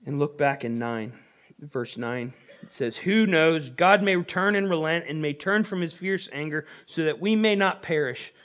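Young male pastor, fairly high voice, earnest conversational preaching. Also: normal speed, a bit bright. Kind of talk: sermon.

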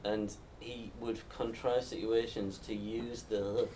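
A man's voice: lowish voice, flat delivery, slow, dark tone. A man from Northumberland, telling stories in a thoughtful way as a panelist in a live discussion. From Northumberland, England. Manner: thoughtful, storytelling, some restarts. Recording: distant mic, faint background noise.

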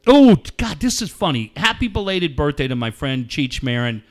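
A middle-aged man co-hosting a radio show, telling stories in animated casual chat and laughing often. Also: on the high side, normal speed. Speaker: radio co-host.

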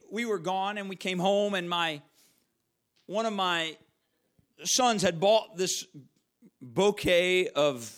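A man's voice: sits high, fairly bright tone. A middle-aged man preaching a sermon, telling stories and repeating phrases for emphasis. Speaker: pastor.

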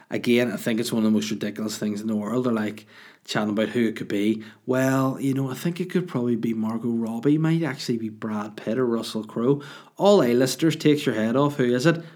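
A man hosts a podcast where he fields listener questions in a rambling, joking, sweary way. He has a medium-pitched, slightly mellow voice.

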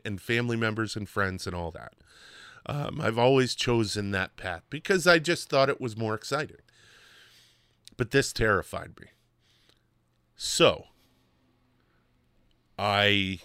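Bright, emphatic male podcast host. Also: mid-range voice, clear, resonant tone, no room sound, clean studio sound. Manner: animated, emphatic repetition. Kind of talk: casual storytelling monologue.

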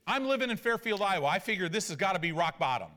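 A man in his forties, a pastor, preaching with animated personal stories and rhetorical questions. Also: high voice, fast talker.

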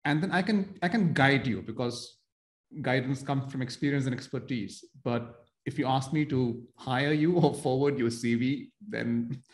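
A man's voice: medium pitch, moderate pace, echoey room. A man hosting an interview podcast, asking long multi-part questions with some hesitant restarts. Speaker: podcast host.

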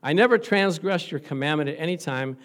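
A sulking older brother airs his grievances in a loud, resentful voice, as a preacher acts him out. The complaint is drawn out, with heavy stress on each grudge. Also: a little high, lively intonation, a little fast.

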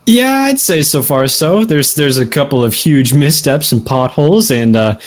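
A man's voice: medium pitch, animated, moderate pace. A man answering interview questions on a casual podcast, laid-back and self-deprecating, laughing often. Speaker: guest.

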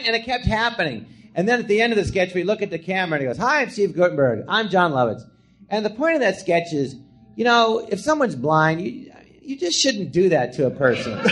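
Man, comedian guest, animated storyteller, lively swooping voice, faint hiss behind. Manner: animated, acts out quotes in high shouted voices. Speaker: comedian guest telling stories. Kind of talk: live podcast storytelling. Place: podcast theatre before a live audience.

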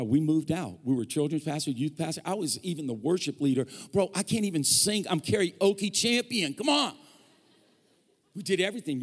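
A man's voice: on the high side, husky. A man preaching a sermon as a guest pastor, telling stories animatedly, acting out quoted voices and joking with the congregation. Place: church hall. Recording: long church reverb.

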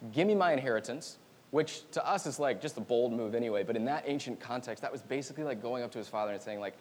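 A young man preaching a sermon as pastor, telling a story with animated energy and frequent laughter. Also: medium pitch, fast talker. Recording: long reverb of a large hall.

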